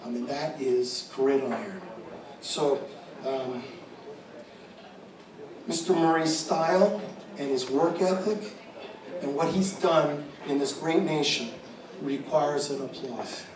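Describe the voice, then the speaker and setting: In a big echoey room full of listeners, a father rambles through a tribute speech, starting over and repeating himself frequently. His voice is a little high, and he talks slowly with long pauses. The distant mic captures reverberant hall sound along with background noise.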